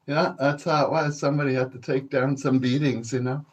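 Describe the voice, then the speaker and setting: This man's voice sits in the mid-range, with a level tone, ordinary speed and a breathy edge. Hosting his podcast solo, he drifts from story to story, swearing casually, relaxed, and laughing as he calls the audience folks.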